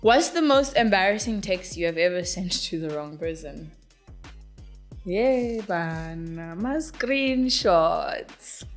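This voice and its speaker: A woman's voice: on the low side, lively intonation, slow pace, soft background music. A young woman from Zimbabwe, a singer-songwriter, answering interview questions in a chatty, giggly way with lots of fillers.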